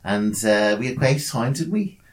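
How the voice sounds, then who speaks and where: A man's voice: medium pitch, sing-song, moderate pace. A man co-hosting a podcast in casual, rambling banter, joking and swearing freely. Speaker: podcast co-host. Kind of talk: casual banter over drinks.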